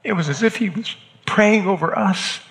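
A man acting a hardened Roman centurion shaken by an execution, talking haltingly and repeating words, in a church drama. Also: high voice, fairly bright tone, big-room sound. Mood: grave, shaken.

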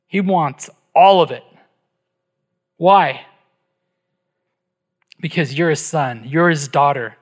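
A man's voice: fairly high pitch, lively intonation, slow, pauses often. A middle-aged man preaching a sermon as pastor, emphatic, asking his listeners rhetorical questions and checking in with "right?".

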